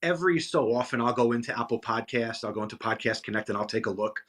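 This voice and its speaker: A man's voice: mid-range voice, quick pace, a bit bright. A man co-hosting a podcast in casual chat, easygoing and earnest. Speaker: podcast co-host.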